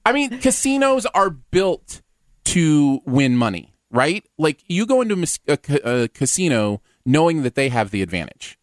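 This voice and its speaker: A man's voice: fairly high pitch, normal speed, no echo, studio quality. A man co-hosting a radio show, joking and laughing often in casual news chat. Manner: animated, laughs often, jokey. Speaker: radio co-host.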